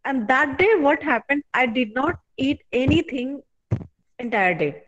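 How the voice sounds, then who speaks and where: A woman's voice: high-pitched, animated, unhurried, fairly bright tone, highs cut off, slight background noise. A woman in her forties from Bihar with an Indian English accent, giving an online class as a professor. She talks conversationally, fills with "you know", and checks in with students. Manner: conversational, many "you know" fillers, asks students questions.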